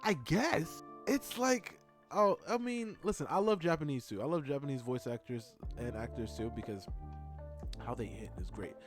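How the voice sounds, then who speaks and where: A man chatting casually in a rambling, excitable way while narrating his drawing video. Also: mid-range voice, brisk, soft background music. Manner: rambling, excitable, with many fillers. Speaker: art content creator.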